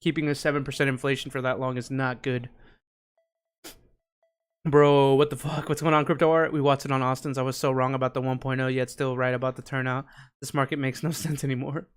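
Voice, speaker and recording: A man's voice: mid-range voice, little pitch movement, fairly quick, clean tone. A young man hosting a casual live stream, hyped and greeting viewers by name. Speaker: livestream host.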